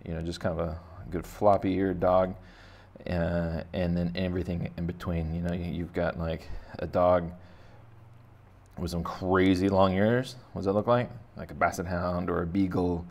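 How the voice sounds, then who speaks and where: An art teacher rambles and jokes through a casual drawing lesson for kids, narrating his thoughts as he sketches. His low-pitched, darkish voice shows little pitch movement, and his pace is moderate.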